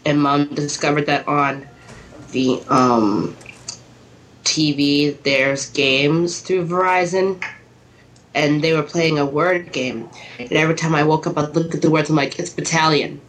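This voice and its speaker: A woman's voice: low-pitched, steady tone, a little slow, slight background noise, rough recording. Chatty woman telling a family story. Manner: swears freely, acts out family dialogue. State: sick. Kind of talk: casual storytelling chat.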